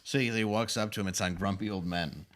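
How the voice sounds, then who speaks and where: A male comedian guest in a casual chat, often chiming in with short remarks. His voice sits a bit low, and he speaks quickly. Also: a bit bright.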